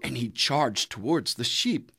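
A storyteller reading a children's animal fable in an animated, expressive way, with dramatic pauses. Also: medium pitch, creaky, loud music behind the voice.

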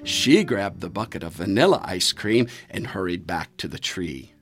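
A man reading a children's story aloud in an expressive storytelling manner. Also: low voice, normal speed, creaky. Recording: soft music underneath. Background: faint music.

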